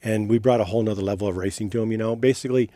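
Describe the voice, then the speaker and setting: Fast-talking, mellow-voiced middle-aged man. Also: on the low side, steady tone, dry recording. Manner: rambling, self-correcting. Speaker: guest, retired racer. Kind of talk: casual interview chat.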